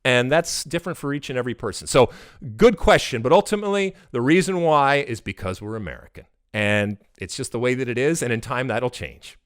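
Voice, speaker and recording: Emphatic middle-aged man with lively pitch. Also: a little fast, clear, resonant tone, no room sound, studio quality. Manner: animated, emphatic, swings into loud exasperated rants. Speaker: podcast host. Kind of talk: casual podcast chat.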